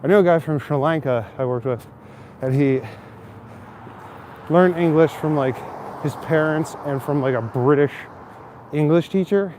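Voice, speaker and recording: A man's voice: on the high side, measured pace, long pauses, darkish tone. A man in his thirties chatting casually with his livestream viewers as he walks through city streets, swearing freely and laughing often. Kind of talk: casual walking livestream chat. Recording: faint city traffic noise outdoors.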